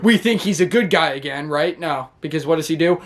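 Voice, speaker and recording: High-voiced excitable man recapping wrestling. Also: brisk. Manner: excitable, rambling with many restarts. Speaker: wrestling show reviewer. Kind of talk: casual recap commentary.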